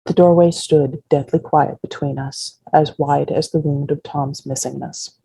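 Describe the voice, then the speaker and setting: An author reading her first-person novel aloud in a measured, unhurried way. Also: sits low, fairly even intonation, creaky, dark tone, slightly rough, no echo, low-quality recording.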